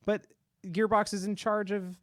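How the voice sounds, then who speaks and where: A man's voice: sits high, level tone, measured pace, a bit bright, no echo, clean studio sound. A man co-hosting a casual podcast, joking around and reading news quotes aloud in a mock newsreader voice. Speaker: podcast co-host.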